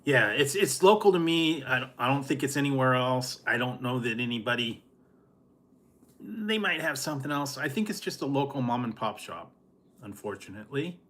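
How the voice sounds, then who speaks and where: A man's voice: medium pitch, expressive, normal speed, fairly bright tone. A man hosting a casual food review vlog, rambling and chuckling often.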